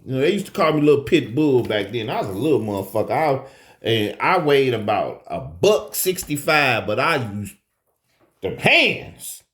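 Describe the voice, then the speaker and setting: Animated man telling a profane story. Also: moderate pace, reverberant. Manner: animated, swings from low asides to high shouted quotes, profane. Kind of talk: live-stream storytelling.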